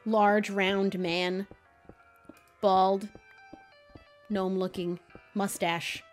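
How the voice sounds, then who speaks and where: A young woman chatting playfully as she commentates her building game, talking to the animals in it. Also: medium pitch. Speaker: Minecraft streamer. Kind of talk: casual gameplay commentary.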